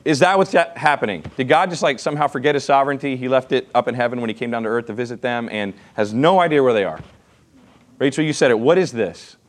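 A man in his thirties teaches a Bible class in an easy, conversational tone. He keeps asking his listeners questions and checking in with "okay?". His voice sits in an ordinary middle pitch. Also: fast talker.

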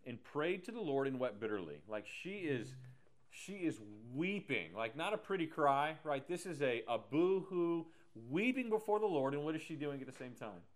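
A man's voice: medium pitch, very animated, moderate pace. A man preaching a casual, joking sermon, explaining scripture with laughs and asides. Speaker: pastor.

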